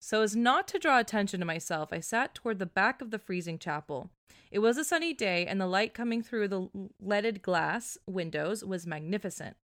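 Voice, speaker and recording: A woman co-host reads a listener's letter in a casual podcast chat, often dissolving into giggles mid-sentence. Her voice sits at an ordinary middle pitch. The sound is close and dry, with no room around it. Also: expressive, normal speed, a bit bright, no echo. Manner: laughs often, breaks up mid-sentence while reading. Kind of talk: casual chat and story reading.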